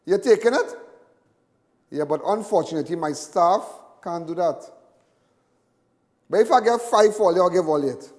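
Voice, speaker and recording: Trinidadian man, very high voice, long reverb, rambling animated host talk. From Trinidad and Tobago. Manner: animated, repetitive, laughs often. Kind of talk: rambling live commentary.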